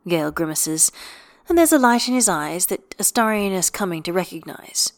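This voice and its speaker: A woman reading fan fiction aloud in a calm, even storytelling manner. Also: fairly low pitch, normal speed. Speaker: audiobook reader.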